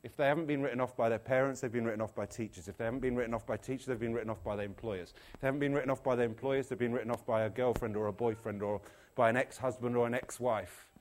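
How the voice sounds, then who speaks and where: A man preaching an animated, jokey sermon, acting out the people in his stories. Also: mid-range voice, racing. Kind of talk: lively sermon.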